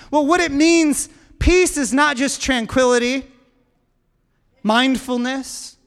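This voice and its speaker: A man's voice: very high-pitched, fairly bright tone. A man preaching a sermon to a congregation, building emphatic lists and calling on the listeners to answer back. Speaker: pastor.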